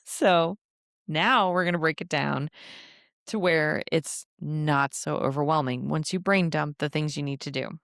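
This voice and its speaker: She hosts a solo podcast and works as a travel advisor, giving laid-back business advice in a chatty manner full of laughs and playful side comments. Her voice is low-pitched, creaky, and unhurried. The audio is studio quality, with no echo.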